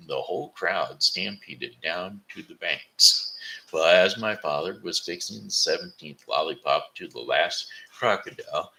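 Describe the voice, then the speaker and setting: A man's voice: low voice, lively intonation, measured pace, gravelly, pushed and bright, rough recording. A man from Missouri reading a children's book aloud, stumbling now and then and correcting himself. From Missouri, USA.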